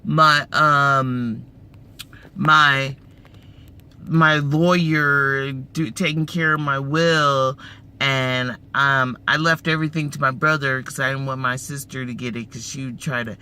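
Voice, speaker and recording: A boastful, nosy male neighbor drones on in a lowered, flat tone, as a man mimics him mid-story. The voice is bright but pushed down, bragging without a pause. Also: clear, resonant tone.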